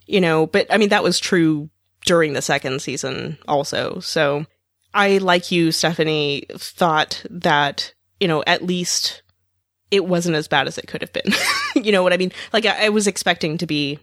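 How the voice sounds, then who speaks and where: A podcast co-host in casual chat, wry and quick with a quip. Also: male voice, fairly high pitch, fairly bright tone, dry recording, studio quality.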